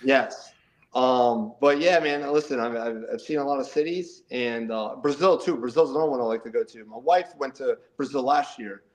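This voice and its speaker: The audio is poor as a middle-aged man from the NJ–NY area talks at normal speed in a medium-pitched voice. A guest in an easygoing interview, he's energetic, laughs frequently and tends to say words twice.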